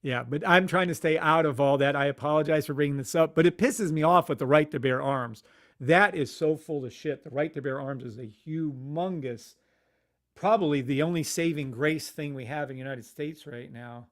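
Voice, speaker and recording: A man's voice: a little high, normal speed. A man hosting a casual live stream, ranting animatedly with swearing and muttering to himself at his computer. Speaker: livestream host.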